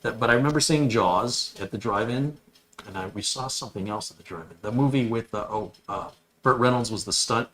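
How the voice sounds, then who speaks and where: A man's voice: on the low side, fairly quick, a bit bright. A man from the Detroit area, co-hosting a casual chat and reminiscing, listing things as they come back to him. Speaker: co-host.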